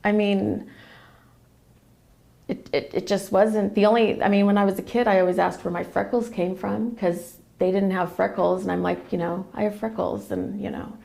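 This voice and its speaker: A woman's voice: medium pitch, fairly even intonation, normal speed, gravelly, warm tone. A woman telling an emotional personal family story as a podcast guest, retelling what others said. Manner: emotional, quotes others in a run of retold dialogue.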